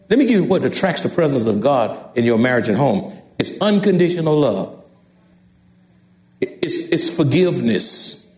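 A man's voice: fairly high pitch, a little mellow. A man in his sixties with a Texan accent, preaching an emphatic sermon from the pulpit and repeating key phrases straight to the congregation. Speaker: pastor. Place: church sanctuary. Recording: echoey church sanctuary.

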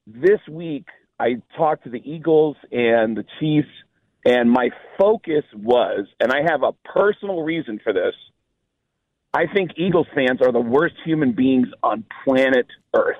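Brief: male stand-up comic from New York, animated storyteller, lively pitch, dry lo-fi sound. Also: a little slow, dry recording. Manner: lively storyteller, voices the people in his anecdotes. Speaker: stand-up comedian, guest. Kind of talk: animated storytelling on a talk show.

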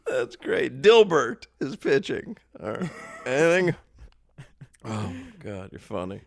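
A man's voice: medium pitch, very animated, a little slow, gravelly. A man hosting a sports radio show, chatting casually and laughing at himself. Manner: laughs often, self-deprecating.

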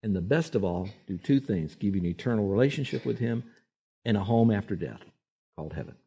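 A man preaching a sermon as a pastor, emphatic and quick to act out the people he quotes. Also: lowish voice, lively intonation, dark tone, husky. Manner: emphatic, acts out quoted voices.

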